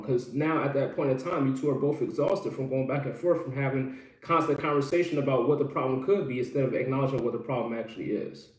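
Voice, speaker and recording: A man's voice: medium pitch, fast, a little mellow, roomy sound. A man giving relationship advice as a coach in an earnest, explanatory live-stream talk, often repeating his phrases.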